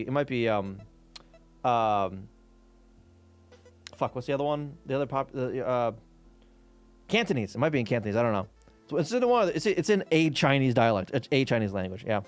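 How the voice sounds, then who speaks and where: A slightly high-voiced man talks through code on a live stream in a loose, rambling way. He swears and laughs often and keeps restarting his sentences. Faint music plays underneath. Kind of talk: casual live-stream chat while reverse engineering code.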